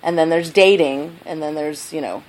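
A woman co-hosting a casual conversation, rambling playfully with frequent halting restarts. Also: low voice, a little mellow, poor audio. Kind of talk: casual chat.

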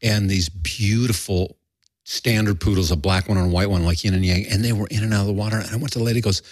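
A man's voice: lowish voice, quick pace, dry recording. An older man telling rambling anecdotes in a casual podcast chat, acting out the quotes. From Southern California. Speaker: podcast guest storyteller.

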